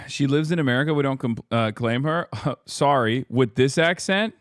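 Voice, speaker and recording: A man's voice: mid-range voice, unhurried, no room sound, studio quality. A man streaming political reaction commentary, talking casually in a sarcastic, profane and mocking way.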